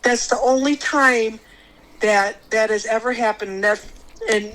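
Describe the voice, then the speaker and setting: Middle-aged woman, podcast guest, rambling personal story, fairly high voice, lots of restarts. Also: moderate pace, sharp tone, poor audio. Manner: rambling, full of restarts, jumps high when quoting others. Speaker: guest recounting an experience.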